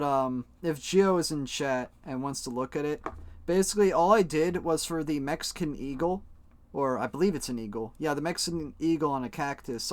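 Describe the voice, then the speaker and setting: A young adult man, a live streamer with a medium-pitched voice and no echo, chats casually to his viewers while coloring flags. He rambles, jokes and swears freely.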